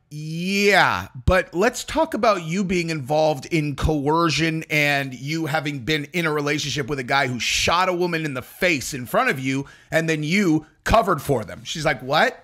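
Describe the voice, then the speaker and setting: A man's voice: fairly high pitch, a bit bright. A man hosting a commentary channel, talking casually and opinionatedly, sometimes mocking people with impressions. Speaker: podcast host.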